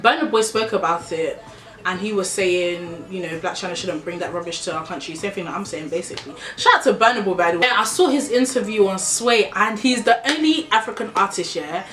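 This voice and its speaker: Nigerian-born woman ranting on her vlog, blunt and animated, roomy echo. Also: medium pitch. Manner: blunt, animated, chatty, calls viewers babes. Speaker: vlogger. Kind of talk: opinion vlog rant.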